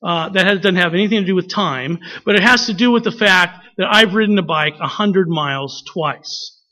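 High, bright-voiced man preaching. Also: moderate pace, poor audio. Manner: animated storytelling, acts out quotes, humorous asides. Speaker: pastor. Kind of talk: sermon.

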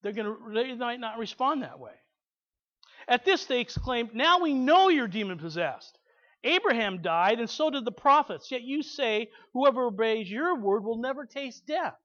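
A man's voice: very high-pitched, lively intonation, moderate pace, fairly bright tone. Emphatic male preacher, lo-fi. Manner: emphatic, reads scripture aloud with asides. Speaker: pastor. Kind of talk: sermon. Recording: slightly dull lo-fi recording.

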